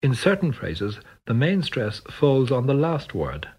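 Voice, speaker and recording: A man narrating a pronunciation course in a measured, scripted way, announcing sections and rules. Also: medium pitch, sing-song, darkish tone, slightly rough.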